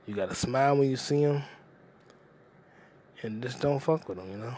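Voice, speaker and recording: A man hosting a comedy podcast, ranting casually with lots of profanity and quick jumps between topics. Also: mid-range voice, warm tone, a little hiss or hum. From United States. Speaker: podcast host.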